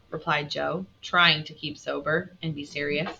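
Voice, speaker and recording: Bright, expressive woman teacher reading aloud. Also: low voice, normal speed, creaky, few pauses, lo-fi sound. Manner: expressive, stops to quiz students. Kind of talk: reading a novel aloud to a class.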